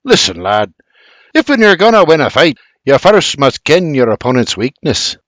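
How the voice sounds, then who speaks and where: A man's voice: fairly high pitch, sing-song, moderate pace, fairly bright tone, dry recording. Man doing a sly, boastful Scots bootlegger. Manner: sly, boastful, broad brogue with dialect words. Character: crafty Scottish-tongued male bootlegger, boastful.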